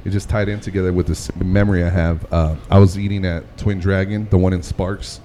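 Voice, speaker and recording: A man's voice: deep voice, flat delivery, fairly quick, warm tone, slight background noise. A man in a casual chat telling his own story and laughing along as he goes.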